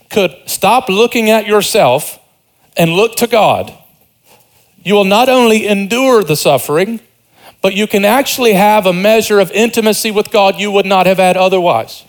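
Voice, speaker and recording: A man preaching a sermon, earnest and emphatic, with speech, rising to stress points and dropping to quiet asides. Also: high voice. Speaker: pastor.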